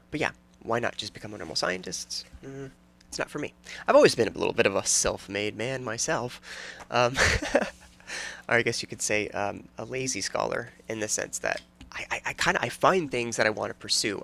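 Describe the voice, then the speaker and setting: Lively, gravelly-voiced man rambling. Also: medium pitch. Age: 30s. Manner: rambling, self-interrupting and jokey. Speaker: podcast host. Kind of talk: casual solo podcast monologue.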